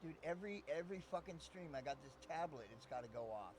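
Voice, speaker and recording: A man's voice: fairly high pitch, lively intonation, quick pace, noisy background. A man chatting casually on a live stream, rambling and swearing often, laughing between thoughts.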